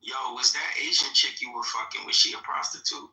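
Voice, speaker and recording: A man guesting on a casual chat, talking in a measured, oddly formal way. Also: mid-range voice, steady tone, sharp tone. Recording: distant, echoey mic.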